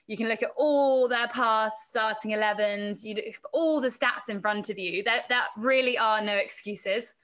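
A woman's voice: on the high side, moderate pace, few pauses, a bit bright. A woman presenter and reporter, a guest on a podcast, talking casually about her work, laughing often and acting out what others said. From England. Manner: chatty, laughs often, acts out quoted voices. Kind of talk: casual interview answers.

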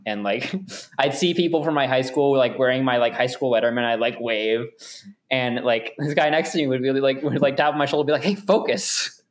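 A young man, a runner guest, telling rambling stories in casual chat and laughing often. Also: medium pitch.

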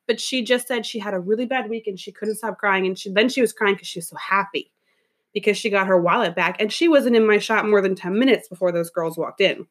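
A woman's voice: medium pitch, brisk. A woman who works at a salon, telling a story in casual chat, swearing freely and acting out the voices of the people in it. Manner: profane, animated storytelling with quoted voices.

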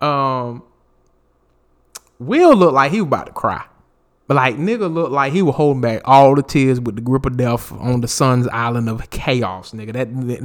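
A man hosting a solo podcast in casual, profane chat, laughing often and slipping into impressions of celebrities as he tells stories. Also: mid-range voice. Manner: animated, laughing, profane, mimics celebrities mid-story. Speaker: podcast host. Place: home recording space.

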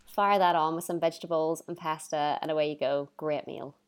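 A woman's voice: low-pitched, steady tone, fairly quick, clear, resonant tone. A young woman from Ireland, chatting as an interview guest, laughing often and acting out her own past remarks. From Northern Ireland. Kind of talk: casual interview chat. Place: lives in London.

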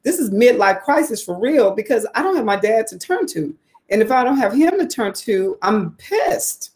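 A woman in her forties from the South, telling her personal story in a candid, expressive way, swearing freely and letting her voice climb high for emphasis. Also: normal speed. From Southern United States. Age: 40s.

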